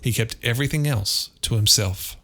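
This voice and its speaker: A man narrating an audiobook of a dark thriller in a measured, dramatic storytelling manner. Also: medium pitch, noisy background. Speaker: author and narrator. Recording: loud guitar music underneath.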